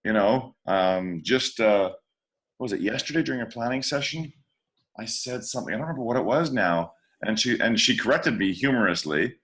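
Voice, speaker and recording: A man co-hosting a casual podcast chat as a DJ, thinking aloud in an animated, reflective way. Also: mid-range voice, brisk. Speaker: DJ, podcast co-host.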